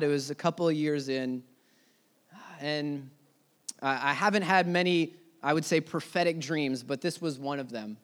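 A young man preaches a sermon, earnestly sharing a personal story as his voice sinks low and soft before rising loud.

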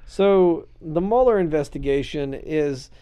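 A man's voice: on the high side, expressive, a little slow, warm tone, clear, resonant tone. A man in his thirties in casual political chat as a podcast co-host, joking and rambling. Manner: jokey, rambling, acts out silly scenarios.

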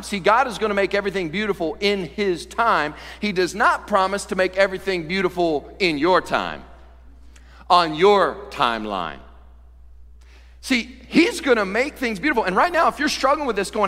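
Animated preacher with a ringing voice. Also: male voice, high-pitched, moderate pace, long reverb tail. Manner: animated, swings from loud to hushed, acts out quotes. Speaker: pastor. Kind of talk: sermon.

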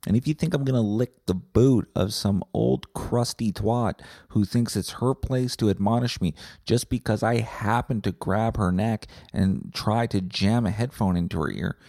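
Male podcast host, low dark voice, swearing rant. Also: moderate pace, gravelly, few pauses, dry recording, studio quality. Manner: profane, combative ranting. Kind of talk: comedic rant monologue.

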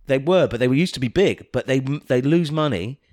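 A man's voice: medium pitch, lively intonation, a little fast, a little mellow, no echo. A man co-hosting a casual comedic chat, mocking and sweary in a dry way. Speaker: podcast co-host.

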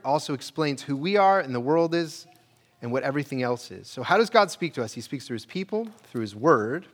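In a conversational sermon, a male pastor lifts his voice for emphasis on questions, then drops low and quiet for the key lines.

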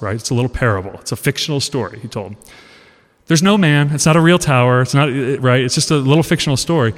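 A college professor in his forties giving an animated, conversational talk, asking his audience questions and acting out lines. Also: medium pitch, fast. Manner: animated storyteller, acts out quoted lines. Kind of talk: casual lecture talk. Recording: long reverb of a hall.

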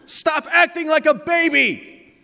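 A man voicing an indignant young boy who insists and yells at his brother, heard in an echoey hall. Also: slow pace, vocal fry, heavily acted. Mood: insistent. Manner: shrill, yelling.

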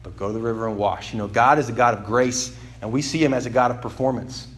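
A man's voice: mid-range voice, fairly even intonation, fast, a little hiss or hum. A male pastor giving a casual, confessional sermon, self-deprecating and rambling, with lots of fillers and restarts. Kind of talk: conversational sermon.

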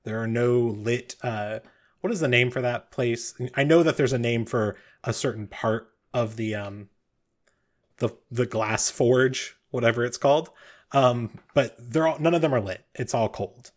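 A man's voice: medium pitch, unhurried. Man rambling as game master. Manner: rambling, with frequent fillers. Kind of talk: narrating a tabletop game.

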